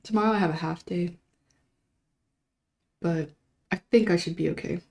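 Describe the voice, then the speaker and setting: A woman's voice: fairly low pitch, moderate pace, a little mellow. A young woman hosting a livestream, chatting casually in a rambling, self-deprecating way, her throat still a little sore. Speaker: livestream host. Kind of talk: casual chat.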